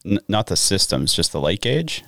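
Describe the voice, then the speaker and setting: A man co-hosts a casual podcast, mostly dropping in short remarks and nudging his partner along. His voice is very deep. The sound is dry and close. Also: sing-song, moderate pace, gravelly, bright, forceful tone, dry recording. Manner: brief interjections, prompts his co-host. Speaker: podcast co-host.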